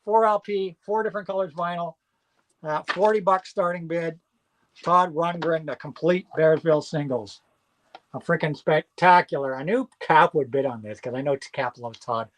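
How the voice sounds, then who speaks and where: A man hosting a live auction from home, chatting casually and excitedly and rattling off long lists. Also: a little high, normal speed. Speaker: host selling records at a live auction.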